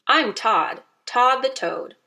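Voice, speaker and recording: A woman reading as a chirpy male toad from a picture book, friendly and a little gloomy, dropping puns and a ribbit. The voice is bright and high. Its pitch bounces about freely. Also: lively intonation, slow pace, heavily acted. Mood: sympathetic. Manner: chirpy, punning, croaking aside.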